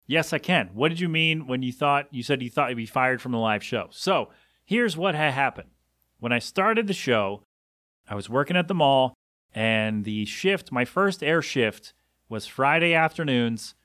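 A man's voice: medium pitch, pushed and bright, dry recording, studio quality. A man in his thirties hosting his own podcast, rambling through a story in a loose, self-deprecating way with lots of fillers. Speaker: podcast host and radio host. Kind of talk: casual solo podcast rambling.

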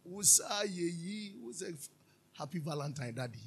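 A Ghanaian man preaching a sermon as pastor, animated, drifting into sung lines and asking his listeners to answer back. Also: sits high, normal speed, slightly rough. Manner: calls for audience responses, asks and answers himself.

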